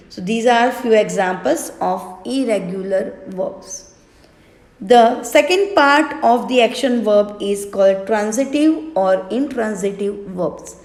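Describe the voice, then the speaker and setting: Indian english teacher lady, slowish careful spelling out letters, kinda high voice, echoey room. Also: vocal fry, a little mellow. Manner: spells words out letter by letter, slow and deliberate. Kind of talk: recorded grammar lesson. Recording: echoey room with long reverb.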